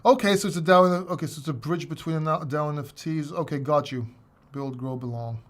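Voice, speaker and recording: A man's voice: a little high, a little fast. A man hosting a casual crypto livestream, rambling and joking at his own expense. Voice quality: self-mocking, rambling, many restarts. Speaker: crypto channel host.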